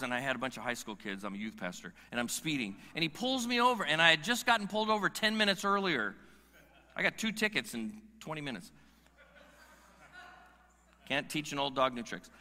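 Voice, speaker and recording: A man's voice: on the high side, very animated, brisk, pushed and bright. A man preaching a sermon as pastor, emphatic, firing rhetorical questions and stretching out key words. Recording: long reverb of a large hall.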